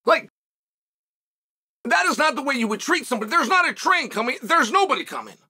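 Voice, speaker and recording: Animated high-voiced man telling a story. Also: brisk. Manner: animated, acts out shouted quotes. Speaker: show host. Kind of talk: casual monologue storytelling. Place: studio.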